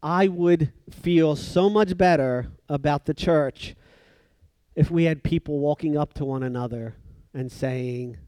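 Man, preacher, sermon; somewhat high voice, dry close sound, acts out the story's speakers, drops from emphatic to hushed. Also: unhurried, clean tone, dry recording. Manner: swings from loud emphatic bursts to soft hushed lines.

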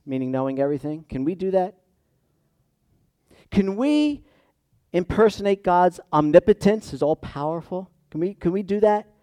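A middle-aged man preaches a sermon in an easy, conversational way. His voice sits a little high and swings from loud, emphatic peaks down to quiet asides. The sound is dry and close, with no room echo. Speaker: pastor.

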